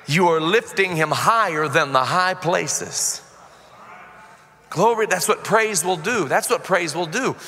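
A man pastor preaching a sermon with passion, building into loud shouted, half-sung praise and yelling as he preaches. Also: a little high, big-room sound. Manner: passionate, yells when preaching. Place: church sanctuary.

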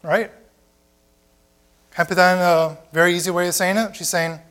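A man's voice: high-pitched, fairly even intonation, normal speed, pauses often, fairly bright tone, clean tone. A man preaching a sermon to a congregation in a plain conversational way, often asking rhetorical questions. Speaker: pastor.

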